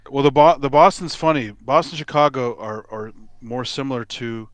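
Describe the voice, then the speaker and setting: A man with a mid-range voice chats casually on a call at a moderate pace, and the recording is dry. An animated storyteller, he spins tales and playfully imitates regional accents for fun.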